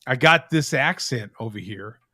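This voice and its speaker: A man's voice: medium pitch, animated, moderate pace, sharp tone, no room sound, clean studio sound. A man hosting a casual live-streamed chat over video call, rambling and joking, often repeating his words. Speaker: host.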